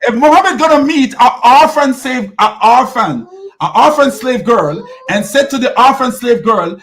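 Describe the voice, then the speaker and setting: A man's voice: very high voice, expressive, moderate pace, fairly bright tone. A man hosting a heated religious debate, insistent and repeating his questions while talking over the other speaker. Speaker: channel host debating a caller.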